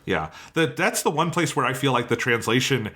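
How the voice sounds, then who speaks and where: A man's voice: mid-range voice, expressive, a little fast, sharp tone. A man co-hosting a podcast, talking about a story with enthusiasm and casual swearing, often laughing. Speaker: podcast co-host. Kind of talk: casual review chat.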